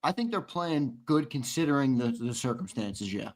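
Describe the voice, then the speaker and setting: A man's voice: medium pitch, animated, moderate pace. A young man co-hosting a sports talk show, arguing his points with restarts and emphatic punchlines. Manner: argumentative, restarts often, builds to emphatic punchlines. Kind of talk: casual sports debate.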